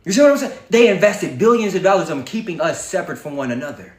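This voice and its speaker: Brief: man with a high, fiery voice, preachy livestream monologue, heavy swearing, echoey room. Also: very animated, fast talker, darkish tone. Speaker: livestream host.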